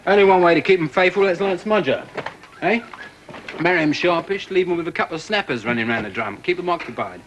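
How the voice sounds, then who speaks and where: An actor playing a cocky, mocking young soldier. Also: male voice, sits high, expressive, a bit bright, muffled recording, slight background noise. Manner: sneering, mocking, quick-tongued. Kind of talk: 1980s television drama acting.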